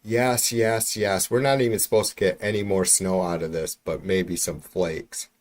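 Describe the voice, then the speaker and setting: A man's voice: sits low, normal speed, darkish tone. A man casually chatting with his livestream viewers, rambling and swearing freely, speaking from about an arm's length from the mic. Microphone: mic about an arm's length away.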